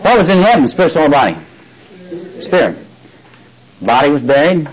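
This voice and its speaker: A man's voice: on the high side, very animated, normal speed, husky, poor audio. An older man preaching a folksy sermon, often asking his listeners questions and reading scripture aloud. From Texas.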